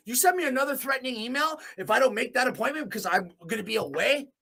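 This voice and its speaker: A furious man from Alberta, Canada, hosts his own podcast in a small room. His voice is raspy and gravelly, and it sits high and bright. He delivers a defiant, profane rant that swings from low grumbles to shouts. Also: animated, brisk. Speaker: host. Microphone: podcast mic in a small room.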